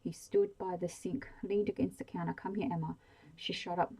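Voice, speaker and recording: A woman reading a novel aloud in a soft-spoken ASMR bedtime style, slow and hushed. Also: fairly low pitch, level tone, rough recording. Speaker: storyteller.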